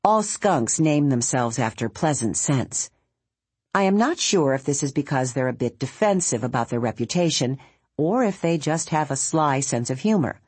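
Low husky woman reading an audiobook, slow and expressive, dry studio sound. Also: no echo. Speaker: audiobook narrator. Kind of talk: scripted narration.

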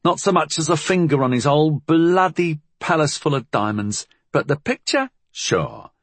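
Man voicing a female thief, blunt, crude, raised pitch, storybook reading. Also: big pitch swings, normal speed, dry recording, full character voice. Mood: gruff. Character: tough young female London thief, blunt.

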